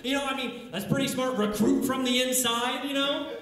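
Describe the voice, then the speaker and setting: Man with a high voice in an echoey bar. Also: moderate pace. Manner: crude, rambling, deadpan delivery. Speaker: stand-up comedian. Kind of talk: stand-up set. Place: bar stage at open mic night.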